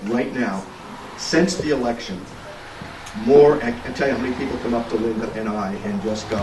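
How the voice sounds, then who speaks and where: A middle-aged man delivers a folksy political speech at a fundraiser, telling stories at a moderate pace in a medium-pitched voice. The setting is an indoor event room, and the recording sounds echoey, with a distant mic and background noise.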